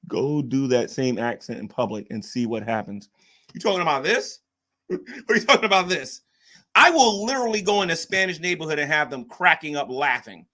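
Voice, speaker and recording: A man's voice: a little high, moderate pace, pushed and bright. A man hosting a casual livestream, rambling and repeating himself as he reacts to chat. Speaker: livestream host.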